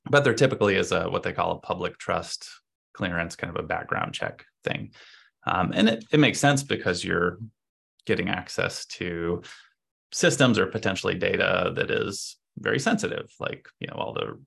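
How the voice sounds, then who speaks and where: A man's voice: sits low, expressive, normal speed, vocal fry, fairly bright tone, slightly rough. A man, a podcast guest, giving long, explanatory answers in a casual interview and thinking aloud as he goes. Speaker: podcast guest, agency co-owner.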